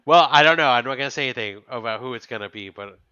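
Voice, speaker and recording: Bright-voiced young man, dry and dull. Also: mid-range voice, fast, clear, resonant tone, no room sound. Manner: musing, reminiscing, hedging. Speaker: podcast co-host. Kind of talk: casual chat.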